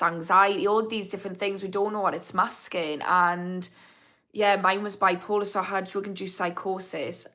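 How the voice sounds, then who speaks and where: A woman's voice: mid-range voice, a bit bright. A British woman in her thirties, a recovery coach hosting a live Q&A stream, chatting frankly and answering viewers' comments by name. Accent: British English. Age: 30s. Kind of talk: casual live-stream chat, reading comments.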